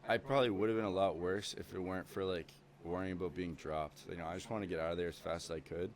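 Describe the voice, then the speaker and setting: A man's voice: low voice, fairly even intonation, fast talker, a little hiss or hum. A young man talking as a podcast guest, telling stories in a rambling way with lots of swearing and fillers. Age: young adult. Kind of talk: casual chat.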